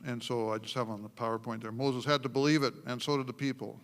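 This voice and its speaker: Male pastor, animated sermon storyteller, bright tone, echoing church sanctuary. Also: mid-range voice, fast. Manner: animated storytelling with frequent laughs and restarts. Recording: long church hall reverb.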